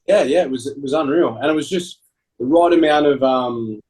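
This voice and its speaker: Guy, podcast co-host, laid-back storyteller, mid pitch. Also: normal speed, a little mellow, rough recording. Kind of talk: casual chat.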